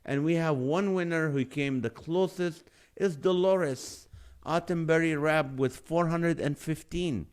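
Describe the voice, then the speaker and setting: Live-stream host, man, unhurried delivery, chuckles while reading out chat comments. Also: on the high side, clear, resonant tone. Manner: reads names and guesses aloud, laughs often.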